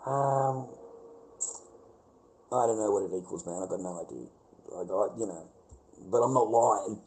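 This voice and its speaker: A man's voice: on the low side, unhurried, a little mellow, rough recording. Middle-aged Australian man, casual livestream chat, blunt, profane, ranting at viewers.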